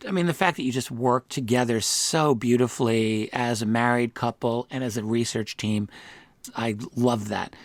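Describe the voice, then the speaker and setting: A man hosts an interview and keeps affirming and summarizing his guests' points. His pitch sits in the middle range. The sound is dry and close. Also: no echo. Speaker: host.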